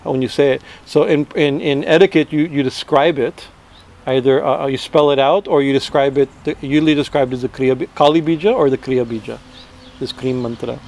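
A man's voice: medium pitch, steady tone, fairly quick, darkish tone. A man giving an informal spiritual talk, conversational, often restarting his sentences and checking in with "right?". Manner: conversational, many restarts, frequent "right?" tags. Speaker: spiritual teacher.

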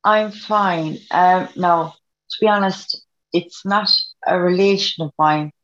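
A woman's voice: fairly low pitch, slow pace, no echo, lo-fi sound. A woman from the audience answering a medium, hesitant and careful as she explains. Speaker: audience member receiving a reading. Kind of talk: casual call-in reply.

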